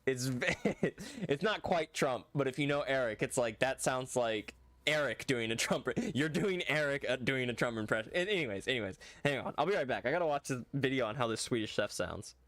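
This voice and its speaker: A male streamer chats loosely with his viewers while he plays. His talk rambles and is full of filler like "like" and "bro". His voice sits at a middling pitch, and the recording is dry with no room echo. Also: lively intonation, brisk, fairly bright tone. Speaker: game streamer. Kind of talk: casual livestream chat.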